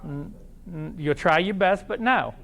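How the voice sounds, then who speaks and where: A man with an Oklahoma accent giving a live seminar talk, folksy and animated, asking the crowd questions. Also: sits high, unhurried, gravelly. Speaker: seminar speaker.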